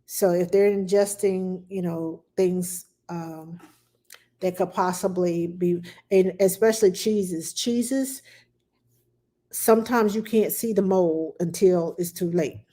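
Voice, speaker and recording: A woman's voice: lowish voice, steady tone, slow, mellow. Chatty woman giving childcare advice. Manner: chatty storytelling with fillers and asides. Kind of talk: casual advice talk to viewers.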